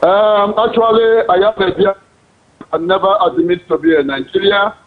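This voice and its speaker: A male caller speaking slowly and formally with pauses. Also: high-pitched. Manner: slow, deliberate, formal phrasing. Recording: tinny phone line.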